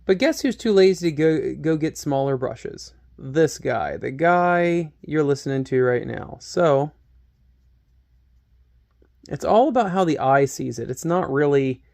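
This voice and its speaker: With a slightly high, gravelly, somewhat mellow voice, this hobby painting host keeps his tutorial relaxed. He jokes about himself and muses aloud while working, his face near the camera mic.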